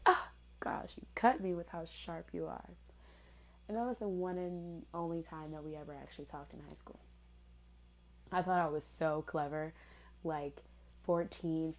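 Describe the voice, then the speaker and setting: A woman's voice: low-pitched, dark tone, poor audio. A woman in her twenties telling a personal story in a candid, sarcastic way, swearing casually. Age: 20s.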